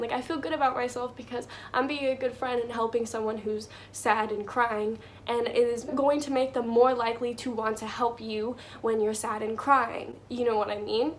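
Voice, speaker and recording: A woman's voice: fairly high pitch, fairly even intonation, normal speed, hardly any pauses, slight background noise. A young woman giving casual life advice to her viewers, chatty and full of "like" and "you know".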